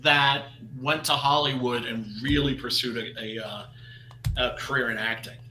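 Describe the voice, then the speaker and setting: A man's voice: medium pitch, steady tone, moderate pace, pushed and bright. A man co-hosting a casual movie podcast, talking hesitantly with many fillers. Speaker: podcast co-host. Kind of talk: casual chat. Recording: echoey room, faint noise.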